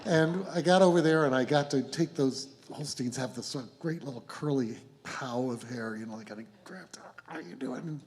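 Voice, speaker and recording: A middle-aged man, a folk musician, telling a gentle, meandering anecdote between songs on a concert stage, chuckling as he goes. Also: medium pitch, moderate pace, few pauses. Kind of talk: rambling onstage storytelling. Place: live concert venue stage. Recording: reverberant live hall with instruments.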